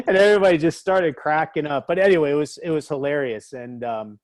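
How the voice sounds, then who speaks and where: A man guest telling lively anecdotes in casual talk, acting out other people in a raised voice. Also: a little high, quick pace, few pauses, no echo. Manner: animated, acts out quotes in raised voice. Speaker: interview guest, author. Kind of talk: casual storytelling.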